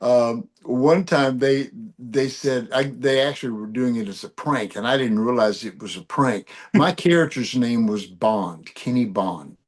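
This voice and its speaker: An older man, a musician, telling lively anecdotes in an interview, laughing as he goes. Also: medium pitch, moderate pace, few pauses. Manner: animated storyteller, laughs often. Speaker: guest musician. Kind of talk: storytelling interview.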